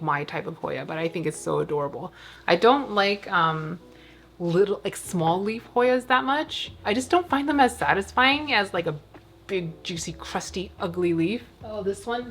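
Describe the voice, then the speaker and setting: A woman chatting casually at home while tending her plants, rambling along with plenty of fillers. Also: medium pitch. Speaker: plant vlogger.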